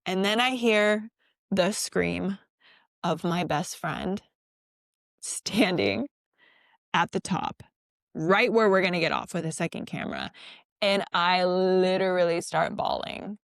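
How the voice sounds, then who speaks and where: A woman podcast host telling a personal story in a casual, animated and profane way, acting out the quotes, on a close mic. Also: on the low side, takes it slowly, gravelly, pauses often, dry recording.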